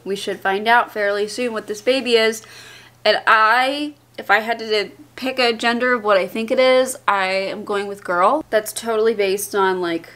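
A woman's voice: mid-range voice, fairly even intonation, moderate pace, fairly bright tone. A young woman vlogging casually to camera, chatty and candid, with a rambling, open way of talking. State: tired and queasy, out of breath.

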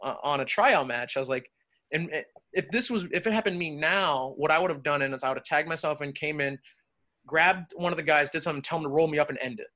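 A man with a fairly high, bright, sharp voice tells backstage stories as a podcast guest. He talks in a loose, animated, profane way, like he's chatting with a friend. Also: quick pace. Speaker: guest wrestler. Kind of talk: casual interview storytelling.

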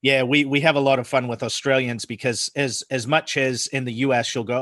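A man in his forties from the United States with an American accent softened by New Zealand, chatting casually as a podcast guest and laughing often. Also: medium pitch, steady tone, a little fast, dry recording, clean studio sound. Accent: American with New Zealand influence. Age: 40s. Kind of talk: casual chat.

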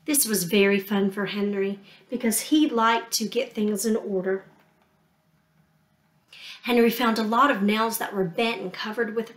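A woman reading a children's chapter book aloud in a gentle, steady storytelling manner. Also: mid-range voice, roomy sound. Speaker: storybook reader.

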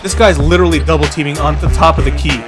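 High-voiced excitable gamer guy. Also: very fast. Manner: excitable, frustrated ranting at the game. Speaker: video game commentator. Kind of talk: casual gameplay commentary. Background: game music and sound.

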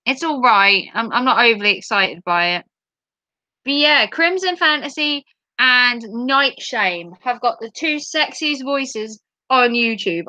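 A woman's voice: fairly high pitch, sharp tone, dry recording. A woman hosting a live stream, reading out viewer comments in a giggly, playful chat. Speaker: livestream host.

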